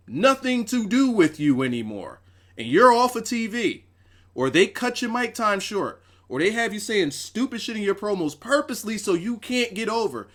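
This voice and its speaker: A young man talks through a wrestling show on a casual livestream, his voice sitting a bit high and swinging widely up and down. He swears freely and repeats phrases to hammer home his points. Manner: animated, profane, emphatic repetitions. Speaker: wrestling show reviewer, host.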